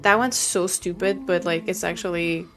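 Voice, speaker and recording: A woman's voice: fairly low pitch, steady tone, normal speed. Sleepy, chatty young woman streamer. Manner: chatty, rambling, reads chat aloud. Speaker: game streamer. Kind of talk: casual live-stream chat.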